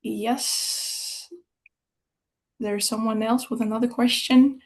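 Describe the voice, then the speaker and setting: A woman with a French accent, a native French speaker, answering conference questions over a video call, thinking aloud with many pauses and fillers. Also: on the high side, fairly even intonation. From France. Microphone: video call from a computer.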